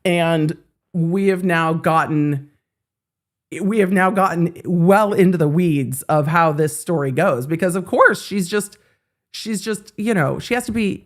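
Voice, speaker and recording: Woman host, 40s, casual live-stream legal commentary, animated storyteller who acts out quotes, voice sits a touch low. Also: takes it slowly, pauses often.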